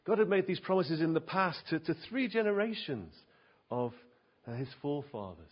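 A man preaching a sermon in an earnest, emphatic way, asking his listeners rhetorical questions. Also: on the high side. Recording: dull lo-fi recording.

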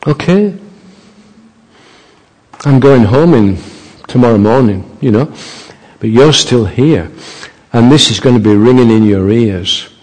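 Slow, fervent male preacher in a hall. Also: medium pitch, lively intonation, a little mellow. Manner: slow, emphatic preaching that builds to fervent climaxes. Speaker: visiting preacher. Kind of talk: sermon. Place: church. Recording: reverberant church hall.

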